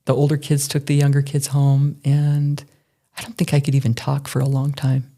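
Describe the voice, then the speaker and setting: A middle-aged woman hosting a podcast, telling a candid personal story in an emotional, earnest way with halting restarts. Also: rumbling low, monotone, mellow. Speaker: podcast host.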